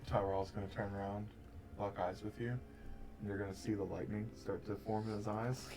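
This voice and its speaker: Man, lowish voice, matter-of-fact, tabletop player. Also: little pitch movement, moderate pace, background noise. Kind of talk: tabletop role-play.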